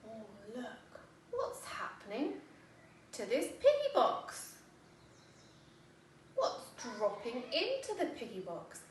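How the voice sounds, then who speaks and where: An English woman teaches phonics to small children, speaking slowly and stretching out each sound. Her voice rings around a very echoey room and reaches the mic from some distance, with faint noise behind her. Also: a little high, huge pitch swings. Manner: slow, sing-song and encouraging, sounding words out. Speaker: infant school teacher. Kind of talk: phonics lesson for young children.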